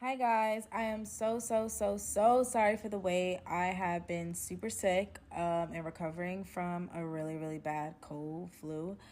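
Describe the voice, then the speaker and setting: A young adult woman casually narrating a personal story to her viewers, animated and chatty, calling them "y'all" and leaning on "like". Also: lowish voice, a little slow, hardly any pauses. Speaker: storytelling vlogger.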